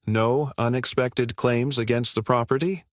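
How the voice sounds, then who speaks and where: A man's voice: medium pitch, fairly even intonation, measured pace, no room sound, studio quality, close to an everyday voice. A man voicing a stout, cold slave buyer with a Georgia accent.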